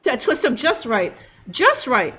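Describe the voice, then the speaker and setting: A woman's voice: high voice, sing-song, measured pace, sharp tone, husky. A young woman streaming a game live, joking and rambling with lots of fillers. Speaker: livestream gamer. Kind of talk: casual live gameplay commentary.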